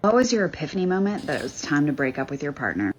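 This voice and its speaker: A woman's voice: sits low, sing-song, fast. A woman interviewer repeating the same question to each person. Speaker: street interviewer.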